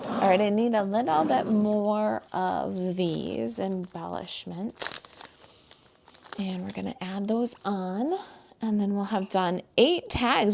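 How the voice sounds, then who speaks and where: A little hiss or hum sits under this American woman's slow, creaky, somewhat mellow mid-range voice. Demonstrating card stamping live at her home craft desk, she keeps up casual, friendly chatter with her viewers and her dog.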